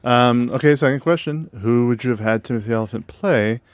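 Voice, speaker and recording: A man's voice: mid-range voice, brisk, clear, resonant tone, no room sound. A man co-hosting a casual movie podcast, easygoing and a bit hesitant, with fillers as he talks. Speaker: podcast co-host. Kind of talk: casual chat.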